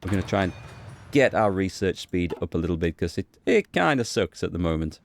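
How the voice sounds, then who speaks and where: A man's voice: sits low, expressive, brisk, vocal fry. A man giving casual gameplay commentary, thinking aloud as he plays, with fillers and small restarts. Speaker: gaming YouTuber.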